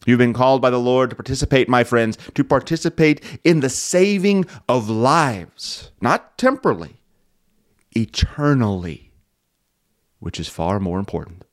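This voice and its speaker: A man preaching a radio sermon as the show's host, pressing hard on repeated phrases, pausing for effect and now and then chuckling. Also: lowish voice, expressive, no echo, studio quality. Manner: emphatic preaching with dramatic pauses and occasional chuckles; rising emphasis on repeated phrases.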